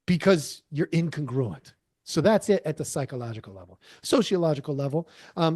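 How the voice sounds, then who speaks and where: A man hosting his own podcast, talking through ideas in an emphatic, explanatory way and calling his listeners folks. His voice sits a bit high for a man, and the sound is dry and close with hardly any room echo. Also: darkish tone. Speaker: podcast host. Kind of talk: solo podcast commentary.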